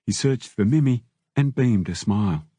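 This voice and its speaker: Dark, husky male audiobook narrator. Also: lowish voice, expressive, normal speed, dry recording.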